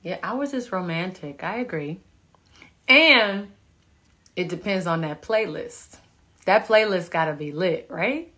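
A woman in her thirties talks to her viewers through a phone live stream from home. Her delivery is unhurried and loose, chatty, with laughing asides as she reads their comments. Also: fairly low pitch, animated, sharp tone. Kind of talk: casual chat reading viewer comments. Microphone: phone camera.

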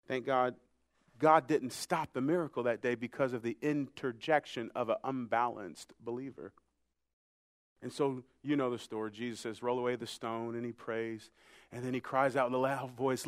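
A male pastor preaching a sermon, swinging from hushed, near-whispered passages to loud shouted climaxes. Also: medium pitch, steady tone, moderate pace, dry recording, studio quality. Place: church sanctuary.

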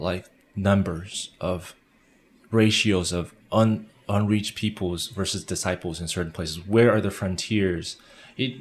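A man in his thirties, a missionary guest in an interview, telling animated stories with many restarts. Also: sits low. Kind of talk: conversational interview.

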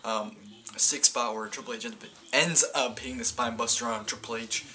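A man's voice: mid-range voice, steady tone, brisk, pushed and bright. A man casually reviewing a wrestling event in a video, rambling and often correcting himself mid-sentence. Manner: rambling, stumbling, self-correcting.

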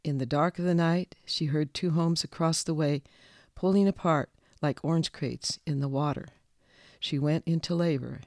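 A man reading a local history story aloud in a calm, measured scripted narration. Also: a little high, no echo, studio quality.

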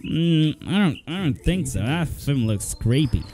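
Young man, let's play commentary, high voice, very lively, loud, joking, swearing, faint game music behind. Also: unhurried. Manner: loud, joking, swears a lot, laughs often. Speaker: gaming video host.

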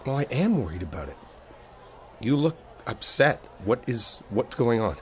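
A man's voice: mid-range voice, very animated, moderate pace, a little hiss or hum. A man voicing a protective boyfriend in a role-play audio, often swearing. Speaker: ASMR audio performer playing a protective boyfriend.

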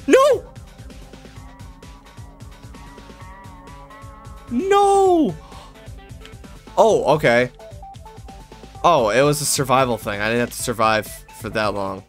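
A young man commentating a video game with excitable, profane energy. His voice is a little higher than most men's and jumps around a lot as he shouts at what happens on screen. Faint music plays behind him. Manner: loud, swearing, excitable, yelling at the game. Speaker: gaming YouTuber.

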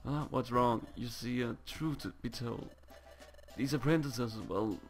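A man's voice: medium pitch, measured pace, faint music behind, lightly acted. A man voicing a strict, pompous parrot Pokemon who scolds his apprentices in a video game. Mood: nervous. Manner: scolding, bossy, hesitant when nervous.

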